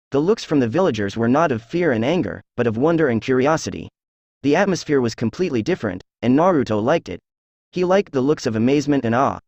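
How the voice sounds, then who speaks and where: A man's voice: medium pitch, darkish tone, no room sound. Dry-sounding male storyteller. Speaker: narrator. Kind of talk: reading fan fiction aloud.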